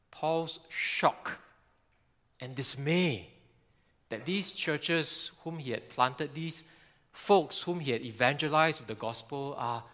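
A man preaching a sermon, animated, sometimes acting out shouts and quotes. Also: mid-range voice. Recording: long hall reverb.

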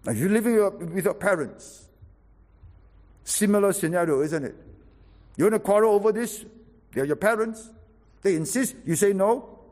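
A man preaching a sermon, emphatic and animated, swinging from loud exhortation to quiet, intimate drops. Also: high-pitched, moderate pace, pauses often, long reverb tail.

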